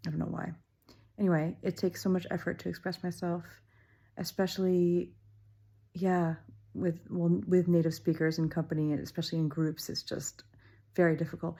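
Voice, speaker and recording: A woman's voice: on the low side, flat delivery, normal speed, warm tone. A middle-aged woman talking to camera in her childhood home, musing aloud with wry, self-deprecating humor and frequent ums. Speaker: vlogger. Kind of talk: casual reflective monologue.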